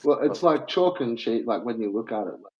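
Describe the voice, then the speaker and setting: A man's voice: mid-range voice, lively intonation, brisk. A young man spins a pub story in loose, casual chat, cursing freely and chuckling along the way. His voice sits in a middle register. The recording is a bit dull and lo-fi. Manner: heavy swearing, laughs while telling, acts out quoted people. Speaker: bar worker telling a story.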